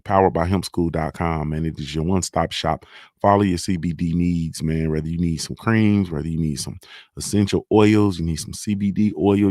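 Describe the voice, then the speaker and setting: A man's voice: low voice, a little mellow, no room sound, studio quality. A man hosting a casual solo morning show, talking in a laid-back way with lots of "man" and "you feel me" as he reads sponsor plugs. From Ohio.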